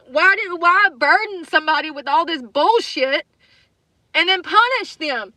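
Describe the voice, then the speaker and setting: A woman with a high, bright, sharp voice pours out an angry, profane rant on a livestream, circling back to the same phrases. The sound is dry and close, with no room around it. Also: expressive, a little slow, no echo. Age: adult with children. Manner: angry, swearing, repeating herself. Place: in her car.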